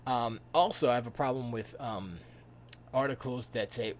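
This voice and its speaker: A man on a live stream, talking casually in slang at a middle pitch. He rants with swings between loud excitement and quiet asides and laughs at his own jokes. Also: brisk, slight background noise. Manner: animated ranting, slangy, laughs often. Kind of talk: casual chat, reading chat comments.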